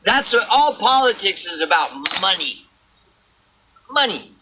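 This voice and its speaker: A man's voice: sits high, sing-song, measured pace, background noise. A homeless man ranting to camera, swearing often and stumbling over repeated words. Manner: profane, rambling, repeats words. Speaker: vlogger. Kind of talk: ranting monologue.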